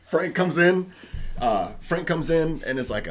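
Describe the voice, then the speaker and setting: A man co-hosting a podcast in casual chat, animatedly retelling a TV episode and acting out the lines. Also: on the high side. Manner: fast, animated retelling with quoted lines and laughs. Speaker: podcast co-host. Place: studio.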